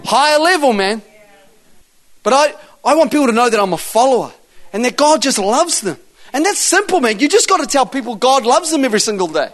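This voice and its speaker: A man preaching and telling lively stories, acting out both sides of conversations with loud bursts. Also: extremely high pitch, brisk. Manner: animated storyteller acting out dialogue, loud bursts. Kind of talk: sermon storytelling.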